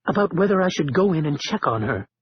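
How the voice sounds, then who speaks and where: A man's voice: a little high, very animated, quick pace, husky, dull audio, exaggerated voice. A man voicing a rattled, tense male librarian who snaps his words out under stress. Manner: tense, snappish. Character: jittery, rattled middle-aged male librarian.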